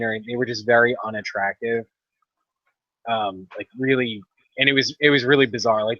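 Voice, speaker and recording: A man's voice: mid-range voice, fairly bright tone, dry recording. A man on a casual podcast, telling a long story in a laid-back way with dry asides. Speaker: podcast co-host. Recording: dull lo-fi dry podcast audio.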